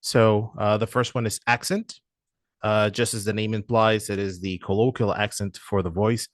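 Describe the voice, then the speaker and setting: A man with a fairly low voice walks through software features in a halting way, stopping often on "uh" between phrases. The sound is dry and close, with little room in it. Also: level tone, dry recording. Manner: hesitant, many "uh" fillers. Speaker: product presenter.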